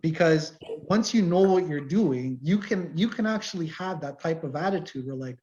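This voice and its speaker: A man's voice: on the high side, lively intonation, normal speed, few pauses, darkish tone, lo-fi sound. A middle-aged man, a mechanic and course instructor, talking casually and animatedly in an online info session, telling stories from his shop and acting out customers. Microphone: video call.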